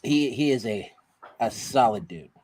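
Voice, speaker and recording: An American man chatting in a relaxed, quietly enthusiastic way on a live video call. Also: mid-range voice, unhurried, no room sound. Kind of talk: casual chat.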